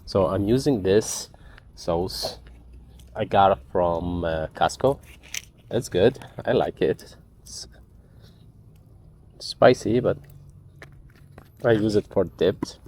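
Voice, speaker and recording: A man's voice: low-pitched, slow pace, long pauses, darkish tone, a little hiss or hum. A man hosting a casual cooking vlog in his backyard by a wood fire, chatty and exclaiming at the spicy food. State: teary, runny nose from smoke and spice. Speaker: cooking vlogger.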